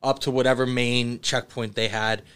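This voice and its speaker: A man's voice: mid-range voice, level tone, normal speed, fairly bright tone, clear, resonant tone. A man telling a story in casual chat with friends, blunt and swearing casually.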